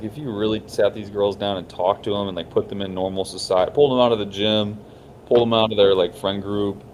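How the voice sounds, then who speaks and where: A man's voice: on the low side, a little mellow, a little hiss or hum. A young man co-hosting a podcast, talking in a crude, slangy way and laughing often. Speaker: podcast co-host. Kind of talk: casual chat.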